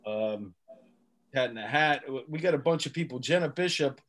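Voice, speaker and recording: A man's voice: medium pitch, normal speed, fairly bright tone. A man with a New York accent hosting a casual chat, loose and joking and drifting into fillers as he reads out listener comments. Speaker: podcast host.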